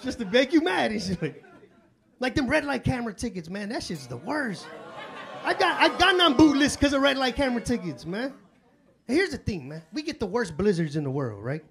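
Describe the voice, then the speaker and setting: High, lively comedian. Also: male voice, a little fast, vocal fry. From Chicago. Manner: profane, excitable storytelling. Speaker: stand-up comedian. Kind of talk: live stand-up comedy. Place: comedy club stage. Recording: live club with audience laughter. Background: crowd laughter and room noise.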